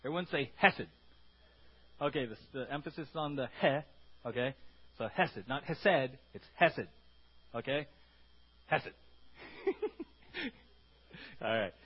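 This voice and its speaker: A man preaching a sermon in a lively, conversational way, often checking in with the congregation. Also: mid-range voice, unhurried, long pauses, slightly rough, muffled recording. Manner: animated, conversational, repeats words and asks the congregation "right?". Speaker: pastor.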